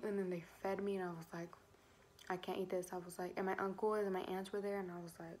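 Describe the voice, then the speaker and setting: A woman's voice: medium pitch, flat delivery, quick pace, darkish tone, slight background noise. A young woman vlogger telling a personal story in a chatty, slangy way, full of asides and "like". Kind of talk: casual storytelling.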